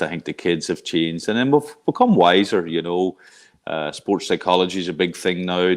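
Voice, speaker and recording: Deep-voiced Irish-raised man, reflective coach. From Ireland. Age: middle-aged. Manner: reflective, with many fillers and restarts. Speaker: college soccer coach. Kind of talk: casual interview talk.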